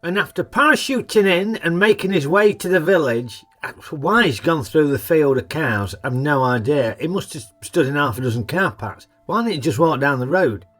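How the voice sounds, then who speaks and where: A man's voice: on the high side, animated, moderate pace, hardly any pauses, fairly bright tone. A man narrating a comic film review in a cheeky, sarcastic, colloquial way.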